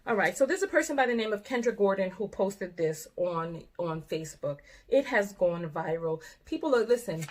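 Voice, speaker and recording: A middle-aged woman, a life coach, reacting to a video, animated and exclamatory at times, then soft and earnest. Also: medium pitch, normal speed, hardly any pauses. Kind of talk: reaction commentary.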